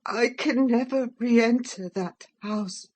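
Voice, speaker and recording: A woman's voice: a little high, slow, darkish tone, pitched above the performer's own voice. A woman voicing a panting, terrified sickly youth. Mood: frightened, pleading. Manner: panting, faltering, stammering. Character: sickly, terrified young man, feeble and pleading. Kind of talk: audiobook character reading.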